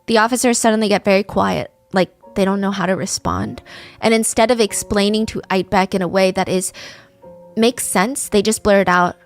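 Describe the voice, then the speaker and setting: A woman's voice: medium pitch, fairly quick, faint music behind. A woman podcast host narrating a true crime story in a vivid, conversational way.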